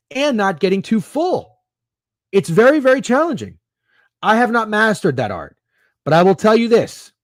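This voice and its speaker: Guy in his 30s hosting a betting podcast, rambly and cussing a lot, kinda high voice, dry sound. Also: no room sound. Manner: rambling, profane, opinionated. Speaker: sports betting podcast host. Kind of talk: casual chat reading live comments.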